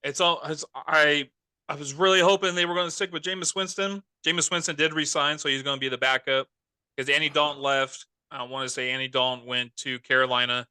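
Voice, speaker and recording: A man's voice: fairly high pitch, steady tone, fairly quick, sharp tone, clear, resonant tone, no room sound. A man co-hosting a fantasy football podcast in casual, rambling chat that often corrects itself mid-sentence. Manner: loose, rambling, self-correcting. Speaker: podcast co-host.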